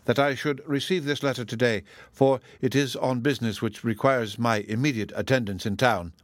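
A man's voice: mid-range voice, steady tone, normal speed, dry recording, natural voice. A man voicing a grave, reserved middle-aged colonel who speaks formally and with restraint. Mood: restrained.

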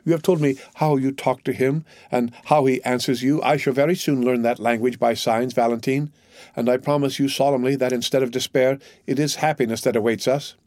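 A man voicing a sorrowful, resolute young man in love, read in a solemn, measured way. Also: medium pitch, fairly even intonation, darkish tone, dry recording, studio quality, lightly acted. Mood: reassuring. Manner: solemn, measured, earnest reading. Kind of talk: audiobook character reading.

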